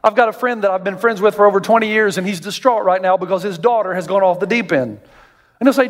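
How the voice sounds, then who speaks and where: A man preaching a sermon as pastor, animated and jokey, jumping way up in pitch and volume when he acts out quoted voices. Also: fast. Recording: long hall reverb.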